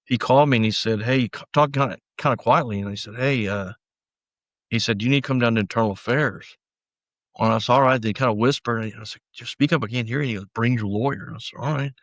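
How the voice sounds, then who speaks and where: A middle-aged man, a former deputy, recounting his past in a casual conversational interview, often quoting others and trailing off quietly. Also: medium pitch, fast, dry recording, lo-fi sound. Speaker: podcast guest, former sheriff's deputy.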